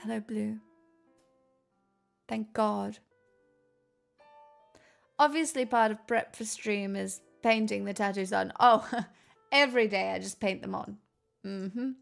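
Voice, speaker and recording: Woman streamer, put-on transatlantic accent, unhurried and gravelly, self-mocking, swears casually. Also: medium pitch, soft background music. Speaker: live streamer greeting chat. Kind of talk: casual live-stream chat.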